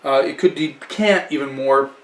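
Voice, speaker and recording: A man's voice: medium pitch, moderate pace, distant mic. Chatty man reviewing wine in an echoey room. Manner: chatty, restarts and self-corrections. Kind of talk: casual wine tasting review. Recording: echoey room, away from the mic.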